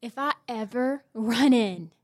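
A woman co-hosting a casual podcast, telling stories in an animated way and acting out quotes. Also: a little high, slow, no echo, studio quality. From Texas. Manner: animated storyteller, acts out quotes loudly. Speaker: podcast co-host. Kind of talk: casual chat.

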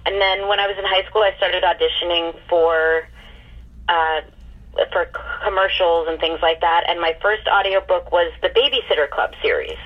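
Woman, audiobook narrator, laughing often, husky, lo-fi remote line. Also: fairly low pitch, normal speed. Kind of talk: casual interview chat. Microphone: remote call.

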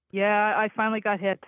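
A woman's voice: medium pitch, no room sound. A woman who calls in regularly to a talk show, telling stories and often laughing. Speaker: regular caller. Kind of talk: casual call-in chat. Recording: tinny phone line.

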